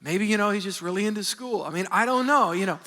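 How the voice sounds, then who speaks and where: A man preaching a sermon as pastor, animated and emphatic, often restarting his sentences. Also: sits high, fast. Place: large church hall. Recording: long hall reverb.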